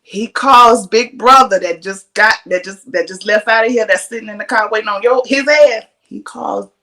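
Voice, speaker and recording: Animated, profane woman podcast host. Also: medium pitch, moderate pace. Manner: animated, profane, laughs often. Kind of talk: casual storytelling.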